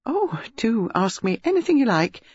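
A flustered, self-pitying young woman pleads her case in a plaintive voice that keeps rising in pitch, as a woman reader puts her on. The voice has a husky edge, and the audio is dry and slightly lo-fi. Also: sing-song, normal speed, darkish tone, dry recording.

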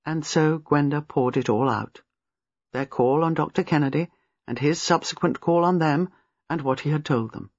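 An audiobook narrator reading a novel in a gentle, expressive way. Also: mid-range voice, normal speed, no room sound, dull audio. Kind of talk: scripted narration.

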